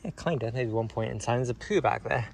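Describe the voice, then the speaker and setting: A man's voice: medium pitch, fast, vocal fry, slight background noise. A man chatting casually to his camera as he walks, muttering asides to himself. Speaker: vlogger. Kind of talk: casual walking vlog narration. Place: outdoors on a hill walk, with traffic nearby.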